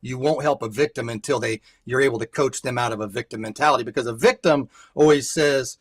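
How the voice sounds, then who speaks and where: A man's voice: mid-range voice, fairly quick, hardly any pauses, slightly rough, no room sound. An older man, a guest on a faith podcast, telling a story and giving advice in an earnest way, often repeating words as he restarts.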